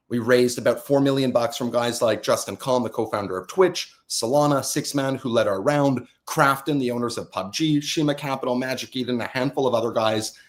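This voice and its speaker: A man, a game studio founder from Canada, explaining his business on a casual podcast, animated and a bit boastful. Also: medium pitch. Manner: animated, quick to laugh, boastful.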